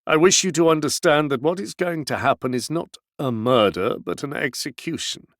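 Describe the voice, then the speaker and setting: A man's voice: on the high side, normal speed, fairly bright tone, no room sound, studio quality. A man playing a grim would-be executioner. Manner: grim, choked, in an awful voice. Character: grim, half-mad man bent on execution.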